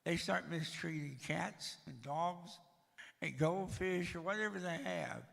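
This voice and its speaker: Gravelly older man telling dry jokes. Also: fairly high pitch, measured pace, fairly bright tone, in a large hall. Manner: dry, joking storyteller. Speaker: guest speaker. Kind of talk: storytelling talk to a church audience. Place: church.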